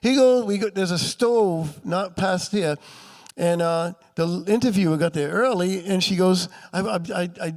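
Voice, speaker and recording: A man's voice: high-pitched, moderate pace, darkish tone. A man telling ghost stories to a live audience, chatty and acting out quoted voices. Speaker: paranormal author and speaker. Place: festival room with audience.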